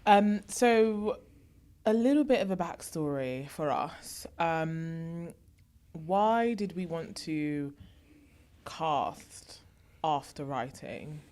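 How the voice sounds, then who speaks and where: A woman's voice: low-pitched, animated, very slow, darkish tone. Young woman cohosting a chill podcast, playful and chatty, laughs a lot. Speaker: podcast co-host. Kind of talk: casual chat.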